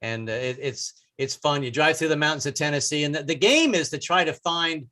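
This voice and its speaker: A middle-aged man does a stand-up set over a video call. He rambles from joke to joke with stammered restarts. His voice is high and bright. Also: fairly quick. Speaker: stand-up comedian.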